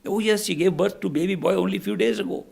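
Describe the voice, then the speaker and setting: Courteous king, eager and welcoming, husky, played by a male storyteller. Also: sits high, fast, a little mellow, voice pushed up, heavily acted.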